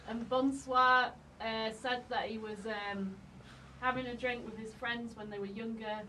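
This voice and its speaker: A woman's voice: on the high side, steady tone, unhurried, pushed and bright, recorded from a distance, slight background noise, poor audio. A woman co-hosting a comedy podcast, telling a story with lots of hesitation and laughter. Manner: hesitant, giggly, filler-heavy. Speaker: podcast co-host.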